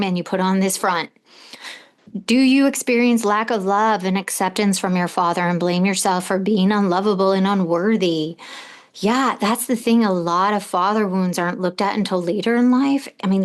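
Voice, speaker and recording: A middle-aged woman hosting a podcast, talking earnestly and directly and putting questions to her listeners. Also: mid-range voice. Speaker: podcast host and coach. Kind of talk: advice monologue.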